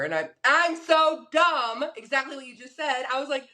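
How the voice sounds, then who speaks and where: A woman's voice: medium pitch, very animated, quick pace, few pauses, sharp tone. A young woman co-hosting a casual podcast chat, telling a story animatedly and acting out the people she quotes. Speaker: podcast co-host.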